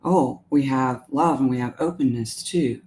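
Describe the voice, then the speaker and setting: A woman's voice: rumbling low, a little slow, darkish tone. A woman with a Southern US accent hosts a live stream in a chatty, meandering way, reading viewer comments aloud and talking them through. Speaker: animal communicator hosting a live stream. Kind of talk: casual live-stream talk.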